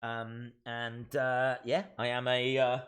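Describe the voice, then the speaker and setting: Bright-voiced Black Country man. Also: mid-range voice, monotone, slow, smooth. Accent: Black Country English. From West Midlands, England. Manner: chatty and opinionated, with frequent fillers. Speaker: wrestling live-stream host. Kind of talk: casual live-stream chat, reading viewer comments.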